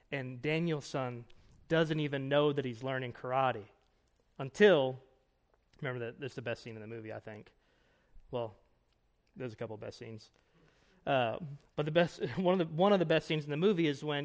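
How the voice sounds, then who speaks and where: Conversational man preaching at a conference. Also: medium pitch. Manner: conversational, emphatic, quick asides and rhetorical "right?". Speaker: pastor. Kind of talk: conference breakout teaching. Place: conference room.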